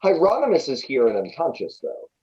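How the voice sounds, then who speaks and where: A man's voice: mid-range voice, wildly swooping pitch, a little fast, dark tone, slightly rough. A man narrating a tabletop game as game master, describing the scene with fillers, over dull lo-fi audio.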